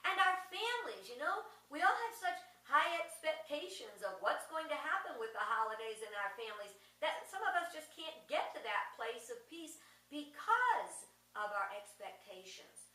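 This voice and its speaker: Middle-aged woman, spiritual talk, gentle, slow emphasis, high voice, roomy echo. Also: very animated. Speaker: speaker giving an advent message. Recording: roomy echo, mic at a distance.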